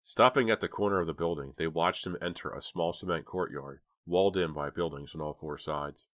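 A man narrating an audiobook in a steady, measured way. His voice is very low. The recording is dry and close, with no room sound. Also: dry recording. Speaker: audiobook reader.

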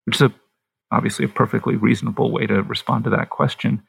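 Gravelly, husky man talking haltingly. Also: mid-range voice, steady tone, a bit bright. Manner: halting, thinks aloud with many pauses and restarts. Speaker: author being interviewed. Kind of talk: thoughtful conversational interview.

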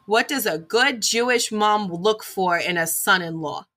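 A woman's voice: medium pitch, unhurried, bright, forceful tone. A woman co-hosting a podcast in casual chat, giggly and swearing, often cracking up, on a desk mic at home. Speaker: podcast co-host. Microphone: desk microphone.

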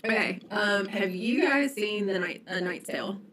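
A woman's voice: mid-range voice, normal speed, a bit bright, rough recording. A young woman telling a history story on a casual podcast, chatty and full of ums and likes.

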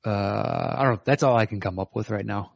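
Middle-aged male co-host, lowish voice, hesitant and thinking aloud. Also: a little fast, vocal fry, dry recording. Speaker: podcast co-host. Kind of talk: casual chat.

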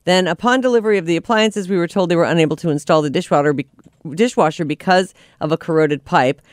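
A radio host reading listener emails aloud on air, expressive and quick to laugh. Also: mid-range voice, no room sound, studio quality.

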